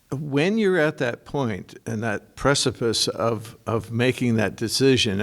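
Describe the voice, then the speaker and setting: A man in a casual conversation, searching for his words and speaking haltingly. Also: medium pitch, vocal fry. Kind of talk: casual chat.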